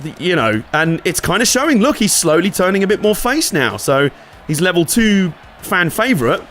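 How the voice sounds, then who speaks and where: A man's voice: fairly high pitch, fairly bright tone, slight background noise. A man giving chatty, sweary commentary over a wrestling video game. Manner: chatty, sweary, self-mocking. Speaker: let's play host. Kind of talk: casual gameplay commentary.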